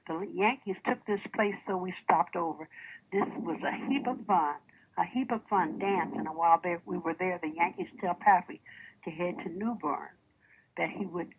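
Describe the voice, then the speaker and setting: Husky-voiced woman preacher telling stories. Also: fairly low pitch, narrow, tinny audio. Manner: animated, with rhetorical questions to the congregation; reads old first-person accounts aloud in a storytelling voice. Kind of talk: sermon with storytelling.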